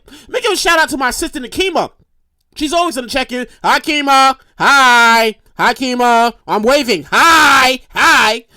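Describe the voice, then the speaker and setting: Podcast host, thirties, casual rant, profane, high voice, bright tone. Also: no echo, clean studio sound. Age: 30s. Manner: profane, rambling, animated, repeats phrases.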